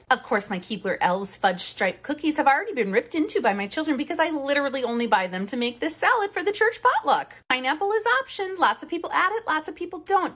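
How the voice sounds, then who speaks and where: A woman puts on an over-the-top Minnesota church mom with a husky, slightly high voice. She gives homespun recipe instructions in a chirpy tone that swoops up and down. The thick Minnesota accent is played for laughs in a comic cooking video. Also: fairly bright tone, exaggerated voice.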